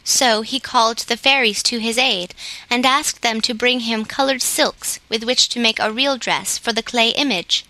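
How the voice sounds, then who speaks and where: Woman audiobook narrator, steady storytelling, bright tone, slightly high pitch. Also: moderate pace, dry recording. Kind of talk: scripted narration.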